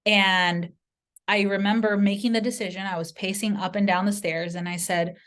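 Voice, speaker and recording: Woman, mid-range voice, earnest direct persuasion, storytelling sales pitch to camera. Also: steady tone, normal speed, a bit bright. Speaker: sales presenter.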